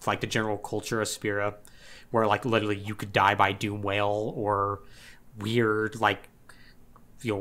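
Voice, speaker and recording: With a fairly low, somewhat bright voice, this young man co-hosts a podcast and walks through a game's story in a relaxed, wry style. He peppers it with "like" and imitates the characters.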